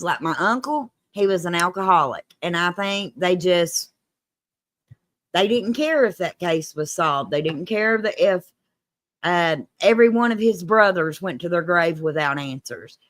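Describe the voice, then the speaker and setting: A woman's voice: on the low side, fairly bright tone, dry recording. A woman from Kentucky with a Kentucky accent, hosting a casual live-stream chat and trading folksy Southern sayings with a laugh. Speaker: host.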